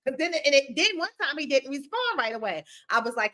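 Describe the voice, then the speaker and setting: Laughing teasing woman cohost, fairly high, bright tone, just chatting. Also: very animated, a little fast. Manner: laughs often, blunt and teasing. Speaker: podcast co-host. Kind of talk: casual chat.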